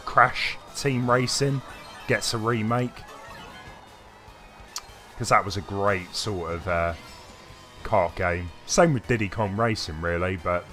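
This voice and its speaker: A man's voice: lowish voice, fairly bright tone. A British man live-streaming a game and chatting with viewers, feeling unwell and coughing now and then. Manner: rambling, chatty, answers chat by name. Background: faint game music.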